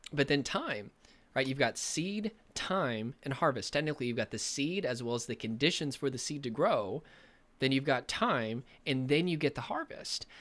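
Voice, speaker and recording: Brief: male recovery coach, motivational talk to camera, earnest and emphatic, mid-pitched voice. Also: a bit bright.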